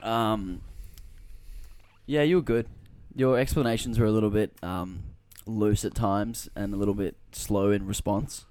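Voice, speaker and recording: A young man, co-hosting a podcast in an easygoing, measured way with some teasing. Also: fairly low pitch, darkish tone, clean tone, no room sound. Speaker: podcast co-host. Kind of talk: casual chat.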